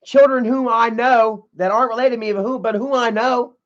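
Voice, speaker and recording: A man's voice: very high-pitched, steady tone, a little fast, lo-fi sound. A man live streaming in a loose, rambling way, swearing often and filling with "man" and "you know".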